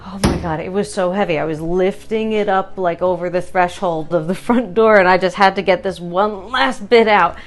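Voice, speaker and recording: A woman chatting casually about a kitchen renovation she did, telling stories in an animated way and laughing as she talks. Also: lowish voice, moderate pace, few pauses, soft background music. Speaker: home renovation vlogger. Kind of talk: casual chat.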